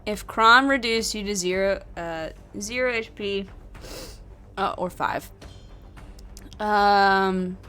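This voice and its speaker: A woman playing and narrating a solo tabletop adventure, counting dice aloud and flaring into loud frustration. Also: medium pitch, slow pace, pauses often. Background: faint background music.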